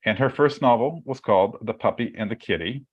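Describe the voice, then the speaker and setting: With a husky, mid-range voice that moves a little fast, a man hosts a writing webcast on a video call. His casual introduction is chatty and rambling, packed with fillers and restarts, and the audio is dull.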